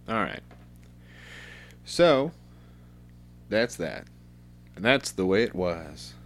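A man's voice: on the low side, very animated, extremely slow, gravelly, pauses often. A middle-aged man hosting a podcast, rambling in a loose, profane, casual way. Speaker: podcast host.

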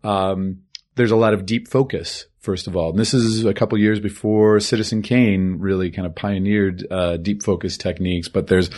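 Man, very low voice, podcast co-host, explanatory, casual film chat. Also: normal speed. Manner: explanatory, steady summarizing.

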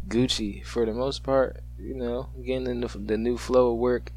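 A man's voice: mid-range voice, fairly even intonation, measured pace, darkish tone. A man co-hosting a podcast, laid-back and joking, with lots of slang and easy laughter. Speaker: podcast co-host. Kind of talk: casual chat.

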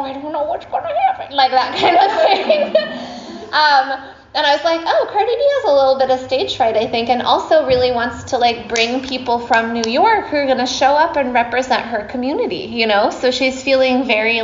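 A woman chats to a class in a casual storytelling way, with lots of fillers and little laughs. Her voice sits a bit high. The room is echoey and the sound a bit muffled. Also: animated, moderate pace, a little hiss or hum. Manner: chatty, many fillers, laughs often.

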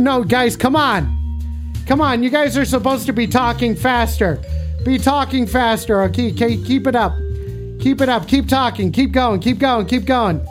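Crude, teasing male livestreamer. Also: extremely high pitch. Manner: crude, teasing banter with chat. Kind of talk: casual livestream chat.

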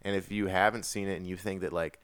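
A man's voice: low-pitched, fairly even intonation, quick pace, fairly bright tone, clean tone, no echo. A man co-hosting a podcast in casual comedic chat, profane and jokey, slipping into mock accents and sung bits. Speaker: podcast co-host.

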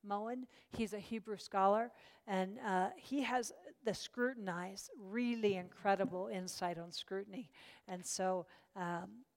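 A woman's voice: mid-range voice, unhurried, long reverb tail. A woman teaching a Bible study class, encouraging and chatty, with many fillers and restarts.

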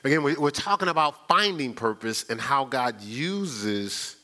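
A man's voice: medium pitch, animated, unhurried, pushed and bright. A man preaching a conversational sermon, telling stories in a folksy, chatty way and often repeating himself. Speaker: pastor. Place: church sanctuary.

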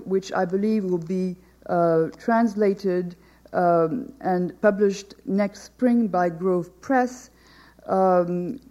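A woman moderating a literary panel, introducing an author in a formal, hesitant way with frequent pauses and fillers. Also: on the low side, dark tone. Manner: hesitant, many ums and uhs. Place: lecture hall, before an audience.

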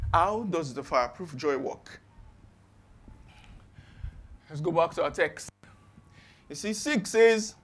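A man's voice: on the high side, a bit bright. A young Nigerian man with a Nigerian accent preaching a sermon, asking his congregation rhetorical questions.

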